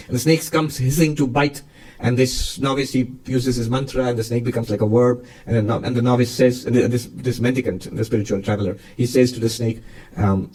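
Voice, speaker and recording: A man's voice: medium pitch, fairly quick, recorded from a distance, low-quality recording. Man giving a spiritual talk from afar. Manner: storytelling, lively and emphatic. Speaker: monk and spiritual teacher. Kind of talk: spiritual talk answering a question.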